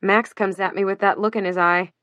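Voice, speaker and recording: A woman's voice: mid-range voice, steady tone, fairly quick, sharp tone, no room sound, lightly acted. Woman playing a worn out young mom, candid and wry.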